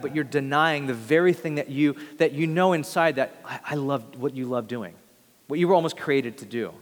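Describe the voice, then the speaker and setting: Earnest pastor preaching in a hall. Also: male voice, on the high side, brisk. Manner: earnest, conversational preaching with restarts. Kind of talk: sermon. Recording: long hall reverb.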